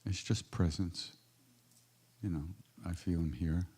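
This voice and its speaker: An older man from the United States answering audience questions, telling reflective stories in an unhurried way with emphatic bursts. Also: deep voice, steady tone, husky. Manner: unhurried, warm-hearted anecdotes with emphatic bursts. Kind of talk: reflective storytelling.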